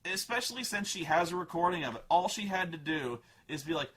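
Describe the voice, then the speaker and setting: A man tears into a film in an animated, profane rant, sounding exasperated and incredulous. His voice is high and bright, with a sharp, forceful edge that drives the sarcasm. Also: a little fast, hardly any pauses. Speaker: film reviewer. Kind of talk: comedic rant about a movie.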